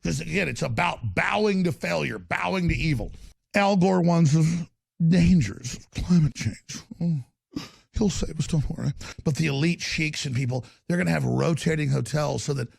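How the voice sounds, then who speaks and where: A man's voice: on the high side, moderate pace, gravelly, breathy edge, dry recording. A man hosting a podcast livestream, ranting sarcastically and mocking people in put-on voices. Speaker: podcast host.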